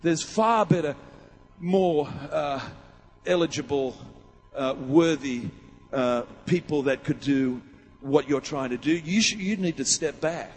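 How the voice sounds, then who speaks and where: A man's voice: on the high side, takes it slowly, breathy edge, big-room sound. A preacher acting out a condescending male voice of doubt that belittles the listener. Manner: condescending, dismissive. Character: sneering voice of doubt, a male committee of naysayers.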